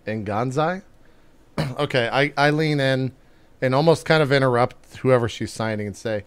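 A man's voice: medium pitch, normal speed, smooth. A man playing a tabletop game, speaking in a mock-formal, in-character manner. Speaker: player. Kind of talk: in-character tabletop role-play.

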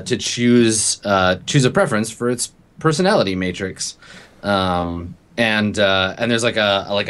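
A man's voice: on the low side, fairly bright tone. A man running a tabletop role-playing game, describing scenes in a hesitant, laid-back way with many fillers. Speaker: game master.

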